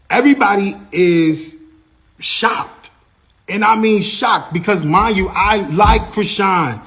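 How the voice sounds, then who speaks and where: A man's voice: sits high, slow pace. Man animatedly retelling a dramatic story. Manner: animated retelling, acting out others' lines, many "like" fillers. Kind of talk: casual first-person storytelling.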